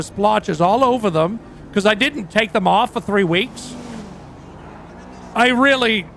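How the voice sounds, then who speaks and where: A man's voice: sits high, fairly bright tone, slight background noise. A man playing a crude, boastful aging rock singer who tells rambling, profane stories in a role-play livestream.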